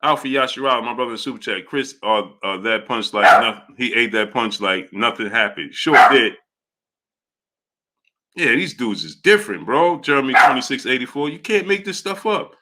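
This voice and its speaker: A man's voice: mid-range voice, moderate pace, heavy background noise. A man hosting a live sports stream, reading out viewer comments and laughing often as he answers them. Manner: animated, laughing often, talking back to viewers. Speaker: sports show host. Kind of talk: live-stream chat reading super chats.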